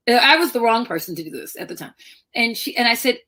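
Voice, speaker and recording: A middle-aged woman author telling personal stories in a lively conversational talk, acting out the voices of people she quotes. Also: a little high, quick pace. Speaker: author guest.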